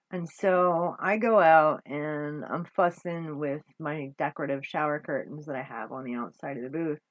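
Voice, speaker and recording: A woman's voice: low-pitched, measured pace, dry recording, poor audio. A woman telling a story about her flea market booth in a casual monologue, swearing often and rambling with restarts as her exasperation builds.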